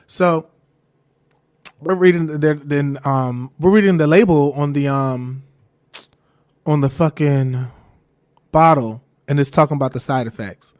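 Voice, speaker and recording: A young man, on the higher side for a man's voice, hosting his own podcast. He tells a personal story in casual, profane chat and laughs along the way. When he quotes what he said, his voice leaps up into an excited falsetto. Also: measured pace, pauses often. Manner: animated, jumps to high falsetto when quoting himself; swears freely, laughs through the story. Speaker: podcast host.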